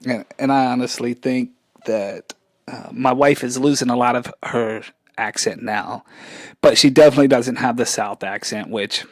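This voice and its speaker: A man's voice: medium pitch, fairly even intonation, moderate pace, dry recording, studio quality. A man in his forties hosting a podcast, rambling through a casual rant, chatty and loose, often trailing off and restarting. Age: 40s. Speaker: podcast host.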